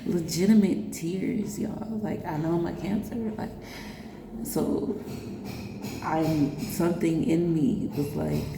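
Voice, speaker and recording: Gravelly-voiced woman, chatty vlog in an echoey room. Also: on the low side, takes it slowly. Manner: chatty, rambling, laughs often, addresses viewers as y'all. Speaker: vlogger. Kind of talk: casual personal storytelling. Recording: echoey room with background noise.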